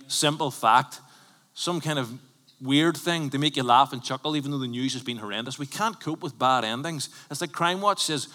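A man preaching a sermon as a pastor, conversational and emphatic, swinging from loud bursts to hushed lines. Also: medium pitch, in a large hall. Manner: emphatic, conversational preaching with sudden bursts and drops to near whisper. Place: church.

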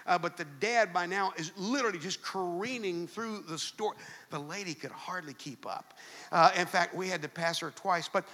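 A man's voice: high voice, normal speed, pushed and bright, in a large hall. A man preaching a sermon, telling a story with frequent restarts and repeated words. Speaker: pastor.

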